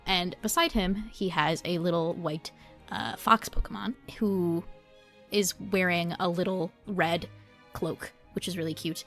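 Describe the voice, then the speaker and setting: A woman's voice: lowish voice, steady tone, measured pace, fairly bright tone, faint music behind. A woman narrating as game master of a tabletop game, in a casual, descriptive way with frequent fillers. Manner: descriptive, casual, many 'uh's.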